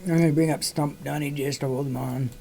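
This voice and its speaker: A man's voice: on the high side, steady tone, fast, mellow, slight background noise. A man hosting a livestream, telling a rambling anecdote casually, swearing freely and restarting sentences. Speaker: livestream host. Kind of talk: casual storytelling.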